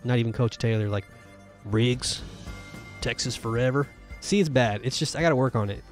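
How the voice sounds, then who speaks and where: An excitable man commentating live on a video game. He rambles and exclaims constantly in a mid-range voice, with faint game music running underneath. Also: medium pitch, quick pace. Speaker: gaming video host. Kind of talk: live gameplay commentary stream.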